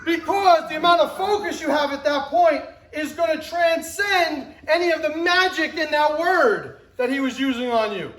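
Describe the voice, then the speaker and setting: A man in his forties talks at normal speed with hardly any pauses, giving an emphatic motivational talk in which he acts out scenes, his pitch rising and breaking into shouts. Reverberant, poor audio.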